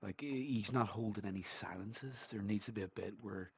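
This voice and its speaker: A man's voice: on the low side, normal speed, gravelly, husky. Blunt man roasting a clip. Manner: blunt, profane and scathing. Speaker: reaction video host. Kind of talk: casual reaction commentary.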